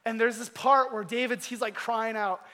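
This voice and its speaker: Animated young-sounding preacher in a hall. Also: male voice, very high-pitched, moderate pace. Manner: animated, slangy. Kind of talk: casual storytelling sermon. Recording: long hall reverb.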